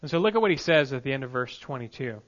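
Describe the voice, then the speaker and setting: A male pastor preaching a sermon, emphatic, moving between hushed lines and loud peaks. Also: mid-range voice, lively intonation, fast, highs cut off.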